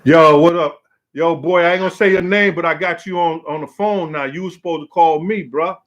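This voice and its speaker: Fast-talking man shouting out viewers. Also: fairly high pitch, steady tone. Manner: street slang, shouts out viewers by name; emphatic, repeats himself. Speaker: show host. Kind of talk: casual live-stream chat.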